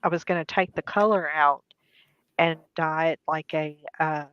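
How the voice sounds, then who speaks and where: A woman's voice: low-pitched, fairly even intonation, normal speed, smooth, no echo. A woman co-host in casual chat, talking in an easygoing, hesitant way. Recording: dry, dull lo-fi sound.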